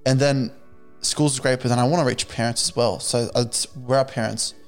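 A young man's gravelly voice as a guest on a podcast. He speaks earnestly about his work and stumbles and restarts as he searches for words. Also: mid-range voice, steady tone, a little fast, soft background music. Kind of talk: casual interview chat.

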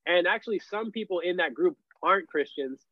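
A man's voice: sits high, a little fast, no echo. Young man telling a story, lots of "like". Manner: animated, heavy use of "like" fillers. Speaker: podcast guest. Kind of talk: casual storytelling. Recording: dull, lo-fi and dry.

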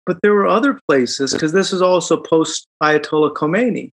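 A middle-aged man tells a long personal story as an interview guest. His voice sits a little high for a man and carries a gravelly rasp. He laughs lightly as he talks and drops many fillers. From Chicago, United States. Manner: reflective, animated retelling with quick laughs and fillers.

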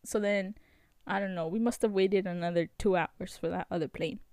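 A young woman hosting a vlog, telling a story in a chatty, animated way with lots of fillers. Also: mid-range voice, normal speed, smooth, no echo, studio quality. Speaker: vlog host.

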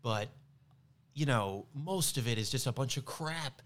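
A young man as a podcast guest, chatting in an animated way, laughing often and saying "like" a lot. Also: medium pitch, unhurried. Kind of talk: casual chat.

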